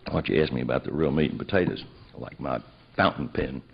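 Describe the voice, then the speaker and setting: A man's voice: a bass voice, quick pace, vocal fry, husky. A man telling a personal story, acting out both sides of remembered conversations. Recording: dull lo-fi recording.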